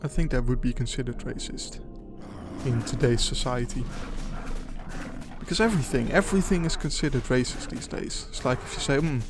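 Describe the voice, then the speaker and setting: A young man rambling and muttering to himself while playing a game, trailing off into quiet asides and swearing when things go wrong, with music behind him. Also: mid-range voice, moderate pace. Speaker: gaming channel host. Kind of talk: casual let's-play commentary. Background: background music.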